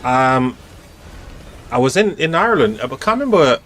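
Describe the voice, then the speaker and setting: A man's voice: medium pitch, sing-song, normal speed, fairly bright tone, slight background noise. A man hosting a casual live stream, chatting loosely with viewers and commenting on a strategy game, with lots of fillers and restarts. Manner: chatty, rambling, talks directly to chat with many fillers.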